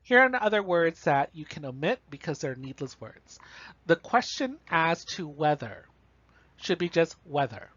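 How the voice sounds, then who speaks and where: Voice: medium pitch, very animated, measured pace, fairly bright tone, slightly rough, no room sound. Casual college instructor, dull dry recording. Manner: casual, talks through examples with frequent "right?" and "you know". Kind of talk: recorded online lecture on writing.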